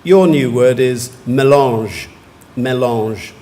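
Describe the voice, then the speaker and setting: A man, pronouncing words clearly and giving short definitions at a spelling competition. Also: medium pitch, dark tone. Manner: measured, repeats each word clearly and gives brief definitions. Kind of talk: formal word pronouncing at a competition. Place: large museum hall.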